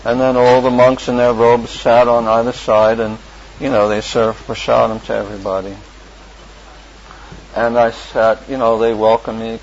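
Telling a personal story about his past, this man rambles casually, restarting sentences, using fillers, and chuckling frequently. He speaks at a normal speed with a medium pitch that barely moves. There's a little hiss or hum, and the lo-fi audio carries clear ambient sound.

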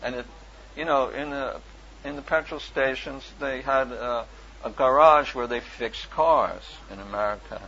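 A man's voice: mid-range voice, measured pace, sharp tone. A man casually recounting an anecdote as a volunteer, rambling with many fillers and chuckles. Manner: rambling, full of "you know", chuckling. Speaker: volunteer book distributor telling an anecdote. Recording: dull lo-fi recording with faint hiss.

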